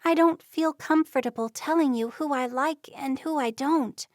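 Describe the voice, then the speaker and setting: A woman's voice: high voice, moderate pace, a little mellow, dry recording, clean studio sound, pitched above the performer's own voice, lightly acted. A woman voicing a reserved, stubborn young Amish woman in a storybook reading, speaking plainly. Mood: defensive.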